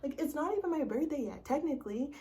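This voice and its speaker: A young woman vlogs a casual storytime in a high-pitched voice, talking fast. She's chatty and animated, using "like" constantly and swearing.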